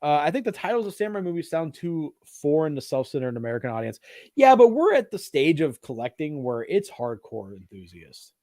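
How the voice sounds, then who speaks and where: A man co-hosting a casual film chat show, animated and swearing freely. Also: fairly high pitch, fairly quick, no echo, studio quality. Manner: animated, swears freely, does mocking put-on voices. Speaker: podcast co-host. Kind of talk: casual chat about films.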